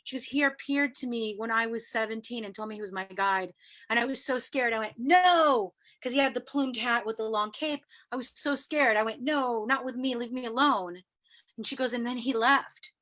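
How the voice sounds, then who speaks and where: A woman from New York City, a guest in an interview, who tells stories in a lively way and acts out the voices she quotes. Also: on the high side, a little fast. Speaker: guest sharing spiritual experiences. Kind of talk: casual storytelling interview.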